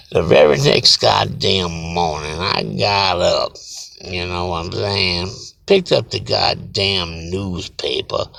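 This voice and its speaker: A man's voice: low-pitched, gravelly, pushed and bright, rough recording. A man with a Cajun accent telling a profane story in a casual vlog, drawling and checking in with his listener. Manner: drawling, keeps asking "you understand me". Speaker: storyteller vlogger.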